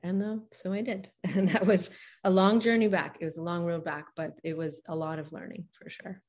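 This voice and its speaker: A woman with a low, settled voice shares a personal story in conversation. She talks earnestly and reflectively, laughs often and says "like" a lot. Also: flat delivery, normal speed, a little mellow. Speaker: guest.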